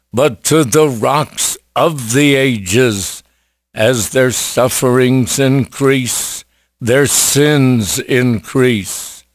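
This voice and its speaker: A male preacher delivering an evangelistic sermon at a very slow, deliberate pace, pressing his points with rhetorical questions. His voice sits in a middle pitch, recorded close and dry with no room echo.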